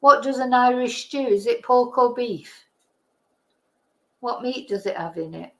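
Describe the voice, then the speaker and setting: A woman's voice: fairly high pitch, unhurried, pushed and bright, low-quality recording. A woman hosting a casual live-stream quiz, chatting, laughing and thinking aloud as she reads the questions. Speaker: host.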